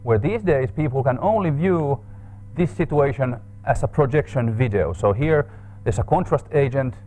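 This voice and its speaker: A man lecturing at a seminar in a medium-pitched voice. He thinks aloud, with many pauses, fillers and restarts. The talk sounds technical and unscripted. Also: darkish tone. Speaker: seminar speaker. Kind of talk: academic lecture. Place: seminar room.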